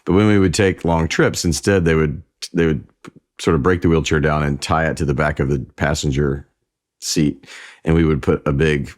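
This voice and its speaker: A man in his forties with a very deep, low voice, the guest on an interview show. He tells family stories in a relaxed, conversational way, sometimes restarting his sentences. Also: moderate pace. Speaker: singer-songwriter guest.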